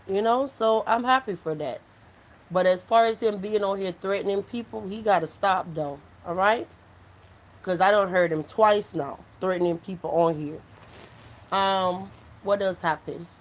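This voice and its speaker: A woman hosting a casual livestream, talking bluntly and with lots of swearing. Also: medium pitch. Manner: blunt, animated, profane. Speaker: livestream host.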